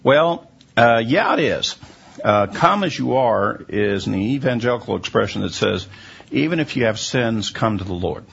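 A man with a low, gravelly and husky voice gives a question-and-answer Bible teaching. He explains things patiently and unhurriedly, stopping often on "uh" as he searches for words. The recording sounds dull and lo-fi. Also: animated, a bit bright. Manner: unhurried, explanatory, frequent "uh" hesitations.

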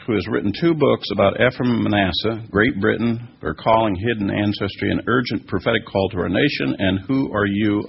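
A man teaches scripture and answers listeners' questions in an earnest, emphatic style, with many fillers and restarts. His voice is on the low side, gravelly and slightly rough, and the recording is dull and lo-fi.

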